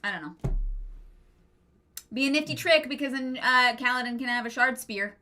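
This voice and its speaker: A woman co-hosting a casual book club podcast, playful and quick with interjections, swearing casually. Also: high-pitched, bright, forceful tone, a little hiss or hum. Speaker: podcast co-host.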